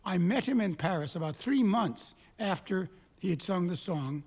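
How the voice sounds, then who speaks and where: An older songwriter in a recording studio, telling chatty stories between songs at a solo concert. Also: male voice, sits high, lively intonation, normal speed, a little mellow, breathy edge. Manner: chatty storyteller who breaks into song. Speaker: songwriter performing his songs.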